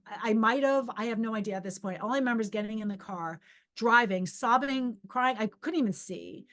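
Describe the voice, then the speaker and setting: A woman's voice: on the high side, fairly quick, fairly bright tone. A middle-aged woman who hosts a podcast as a psychic medium, telling a personal story in a casual, rambling way. She restarts sentences often and acts out her own inner voice.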